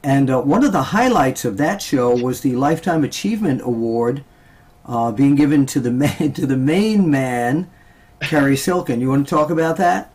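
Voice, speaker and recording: A man hosting a casual interview at an ordinary middle pitch. He halts often, with filler sounds between his words. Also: lively intonation, a little mellow. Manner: halting, many fillers. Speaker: interview host.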